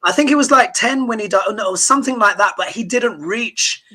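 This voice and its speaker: A man hosting a casual chat and telling stories in an animated, chatty way. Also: high-pitched, fairly quick. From Britain. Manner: animated, chatty storytelling with many "you know" fillers. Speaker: host.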